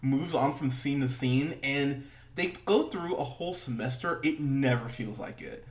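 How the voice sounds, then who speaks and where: A male host of a casual movie review podcast rambles with lots of filler words, laughing and swearing along the way. His voice is mid-range and his pace measured.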